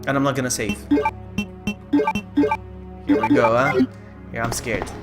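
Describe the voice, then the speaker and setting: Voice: medium pitch, measured pace, over loud music. A game streamer giving casual, jokey live commentary while playing. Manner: chatty, jokey, cries out in alarm.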